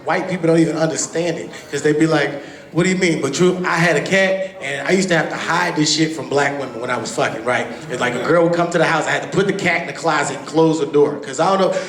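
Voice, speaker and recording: Loud, animated stand-up comedian, man. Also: fairly high pitch, fast, hardly any pauses. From Texas. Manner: loud, animated, profane, acts out quotes. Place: comedy club stage. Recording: roomy club recording.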